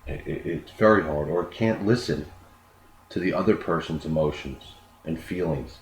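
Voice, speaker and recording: A man's voice: extremely low pitch, moderate pace. A man giving an unscripted self-improvement talk, earnest, often repeating words as he explains. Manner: earnest, repeats words, acts out quoted dialogue. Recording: echoey room with faint noise.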